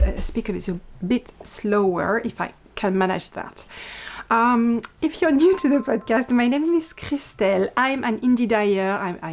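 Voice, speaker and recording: Chatty French-accented woman, slightly high. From France. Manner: chatty, quick-talking with frequent fillers. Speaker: podcast host and indie yarn dyer. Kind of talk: casual chat.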